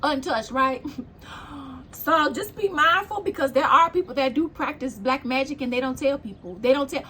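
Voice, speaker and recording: A woman's voice: sits high, moderate pace, pushed and bright, a little hiss or hum. A woman giving a casual spiritual tarot reading, blunt and preachy, swearing freely as she talks. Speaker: tarot reader.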